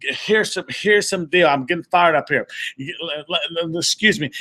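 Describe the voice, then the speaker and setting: This motivational speaker has a slightly high, bright voice that sounds pushed, and he talks at a moderate pace. Leading a live group session, he hammers his points home, repeats himself, and now and then stumbles on a word.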